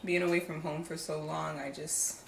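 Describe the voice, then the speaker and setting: Young Jamaican-born woman, low voice. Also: normal speed, vocal fry, slight background noise. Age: young adult. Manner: relaxed, hesitant, many fillers and restarts. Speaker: interview guest, caterer. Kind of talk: casual interview chat. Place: home, indoors. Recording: echoey room, faint ambience.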